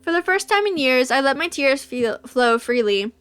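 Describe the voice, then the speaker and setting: A woman's voice: high voice, lively intonation, moderate pace, a bit bright, smooth, faint music behind. A young woman reading a visual novel aloud, narrating as the heroine and gushing in reaction. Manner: squeals and gushes when reacting.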